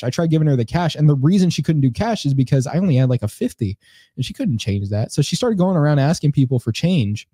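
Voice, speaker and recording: A young man rambles through a story on a casual comedy podcast, full of fillers and restarts. His voice has a mellow, darker tone at middle pitch. The recording is dry and close. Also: expressive, fast talker, slightly rough, dry recording. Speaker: podcast co-host.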